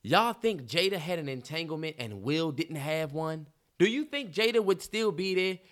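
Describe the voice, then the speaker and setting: A man co-hosting a podcast, talking in animated, slangy casual chat. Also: fairly high pitch, normal speed. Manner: animated, slangy, quotes lyrics and others. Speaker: podcast co-host.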